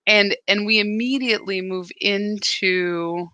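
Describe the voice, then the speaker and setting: A woman leads a live spiritual session in a bright, forward voice. She talks in a lively, chatty way and keeps checking in with "right?". The sound is close and dry. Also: medium pitch, measured pace, dry recording. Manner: animated, chatty, full of "right?" asides. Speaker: spiritual guide leading a live practice. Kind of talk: live-stream spiritual talk.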